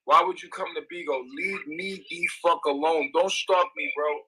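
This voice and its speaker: A man's voice: on the high side, fairly even intonation, moderate pace, sharp tone, husky, rough recording. A young man, ranting in an agitated, repetitive, profane livestream monologue.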